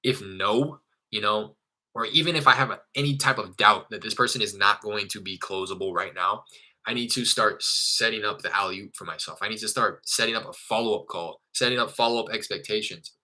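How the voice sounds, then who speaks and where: A man's voice: fairly low pitch, brisk, bright, forceful tone, low-quality recording. A young adult man talking casually on a vlog about following up with leads, candid and conversational, sometimes acting out his phone calls. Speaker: real estate wholesaler vlogger.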